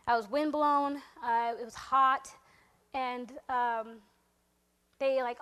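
A young woman casually telling a personal faith story to a group, acting out what people said with lively, laughing asides. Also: high voice. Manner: animated, acts out quotes in a raised voice, laughs often. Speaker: speaker sharing a testimony.

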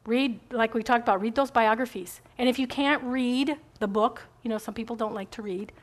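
A woman's voice: a little high, brisk. Chatty woman teaching a church group. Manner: chatty, rambling, encouraging, with asides. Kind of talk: casual faith talk to a group.

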